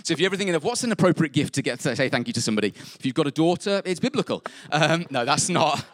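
A man preaches a conversational sermon in church, reading scripture aloud and peppering it with fillers, asides and little jokes as he interrupts himself. His fairly high voice is expressive and a bit bright, and he speaks at a quick pace.

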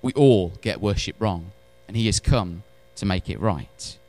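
A pastor with a low voice preaches unhurriedly in church, animated and swinging between loud, emphatic lines and hushed ones. He adds wry, humorous asides.

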